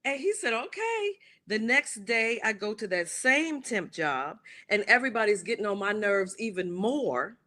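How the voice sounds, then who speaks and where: A woman guest who is an author and playwright tells a story with lively animation, acting out quoted dialogue in shifting voices. Her medium-pitched delivery is unhurried, with few pauses.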